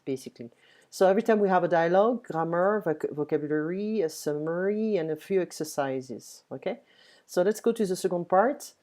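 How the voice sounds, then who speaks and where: Mellow-voiced woman teaching French. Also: fairly low pitch. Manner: explains patiently, reads French dialogue slowly and clearly. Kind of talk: online language lesson.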